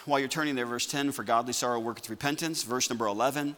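A man preaching a sermon to his church, moving between loud declarations and quiet asides. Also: mid-range voice, rapid-fire, hardly any pauses. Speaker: pastor. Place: church sanctuary. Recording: long reverb of a church hall.

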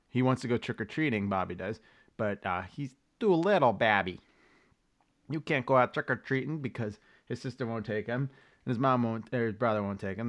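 A man co-hosting a podcast, rambling casually through a recap with loose swearing. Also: on the low side. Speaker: podcast co-host. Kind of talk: casual chat.

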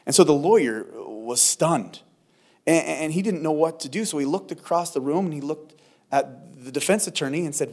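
A male lead pastor giving a verse-by-verse sermon in an earnest way, often stammering over restarts and moving between loud and soft passages. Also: a little high, lively intonation, normal speed.

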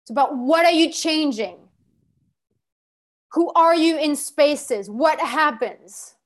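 A woman's voice: sits high, slow pace. A woman leading a workshop as coach, giving short, blunt, profane orders. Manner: commanding, gives short orders.

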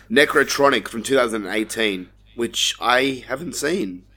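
A man's voice: mid-range voice, measured pace, bright, forceful tone, breathy edge. A man with an Australian accent, hosting a casual film review chat and swearing freely as he talks. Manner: laid-back, swears freely, frequent restarts. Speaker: podcast host.

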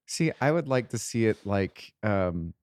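A man's voice: fairly low pitch, very animated, unhurried, a little mellow, clear, resonant tone, no room sound, studio quality. A man co-hosting a comedy podcast, gushing with loose filler-heavy talk. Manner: enthusiastic, uses filler "like" a lot. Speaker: podcast co-host. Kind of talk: casual comedy chat.

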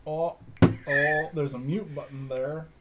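A relaxed, jokey man chatting casually on a podcast. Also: a little high, slow pace, very noisy. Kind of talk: casual chat.

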